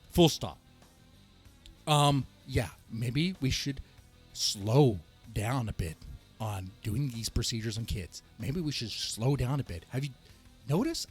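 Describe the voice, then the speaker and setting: A man hosting a ranting commentary show, heated and emphatic, who repeats himself and restarts his sentences and sometimes rises to a shout. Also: mid-range voice, husky. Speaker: host of a reaction and rant channel.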